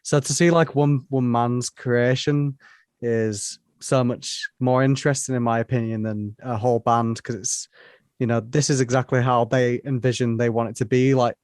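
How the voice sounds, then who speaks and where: A man's voice: mid-range voice, steady tone, normal speed, a little mellow, smooth, no echo. Male co-host, rambling and chatty, recorded dry. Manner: rambling, chatty, lots of "you know". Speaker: podcast co-host. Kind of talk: casual podcast chat.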